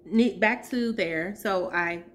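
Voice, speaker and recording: A woman in her thirties giving a heartfelt personal testimony as a vlogger, pausing to search for her words. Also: mid-range voice.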